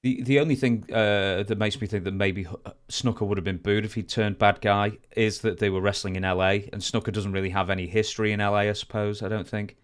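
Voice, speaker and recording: A man co-hosting a podcast, recounting background in a measured way before asking questions. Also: lowish voice, steady tone, clear, resonant tone. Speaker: podcast co-host. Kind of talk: interview questions.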